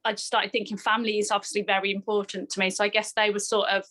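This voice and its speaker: A woman in a wellbeing group, sharing personal experiences in a thoughtful, halting way. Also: medium pitch, level tone, a bit bright. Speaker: group member.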